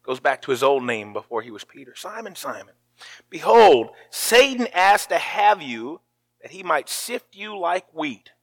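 A pastor delivers a sermon, telling the story with feeling and voicing the lines of its characters. His male voice is fairly high, gravelly, very animated, and unhurried.

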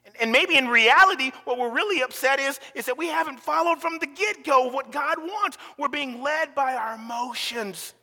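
Pastor, middle-aged man, high bright voice, lively preaching in a reverberant church hall. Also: normal speed. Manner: animated preaching, acts out quotes, sometimes shouting. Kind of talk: sermon.

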